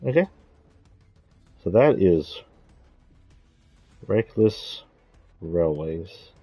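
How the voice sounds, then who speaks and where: A man's voice: low voice, animated, extremely slow, warm tone, breathy edge, no echo, soft background music. A man giving casual, rambling gameplay commentary, thinking aloud and correcting himself as he goes. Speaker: streamer.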